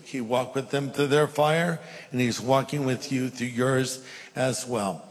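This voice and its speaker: A man's voice: a little high, fairly even intonation, unhurried, fairly bright tone. A middle-aged male pastor preaching a sermon, reading scripture aloud and acting out the voices in it. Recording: long hall reverb.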